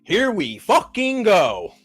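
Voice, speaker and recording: A man's voice: high voice, huge pitch swings, slow, husky, faint music behind. A man hosting a pop-culture show, ranting in a profane, exasperated and mocking way. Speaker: podcast host.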